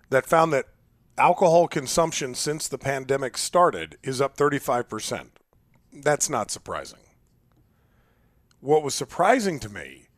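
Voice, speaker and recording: A man's voice: on the high side, no echo. A man hosting a radio show, teasing his co-host in offhand, mock-indifferent banter at a studio mic.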